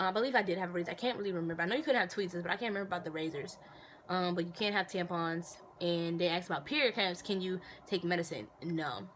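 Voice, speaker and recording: A young woman talking casually into her phone for a Q&A vlog, telling stories with animated, indignant bursts and lots of fillers. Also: mid-range voice, slight background noise. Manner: animated storytelling, indignant outbursts, many fillers. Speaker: vlogger answering viewer questions.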